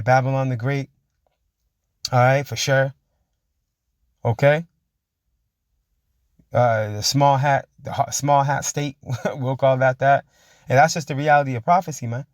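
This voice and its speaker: Guy preaching hard, reads verses slow and punchy, keeps going "you see?", dry close sound. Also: medium pitch, no echo. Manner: emphatic, keeps asking "you see?" and saying "man"; reads scripture slowly and forcefully. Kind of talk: street-style sermon with scripture reading.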